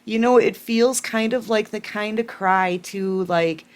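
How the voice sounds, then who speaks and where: Woman tarot reader, unhurried, close to tears, repeats herself for emphasis. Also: mid-range voice. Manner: emotional, tearful, repeats phrases for emphasis. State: holding back tears. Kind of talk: collective tarot reading to camera.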